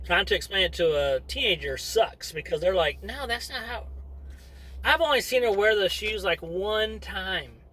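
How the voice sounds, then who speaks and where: A man's voice: high voice, moderate pace, few pauses, bright, forceful tone, poor audio. A middle-aged man chatting to camera as a vlogger in a rambling, wandering way, breaking off into asides. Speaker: vlogger and father. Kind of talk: casual rambling monologue to camera.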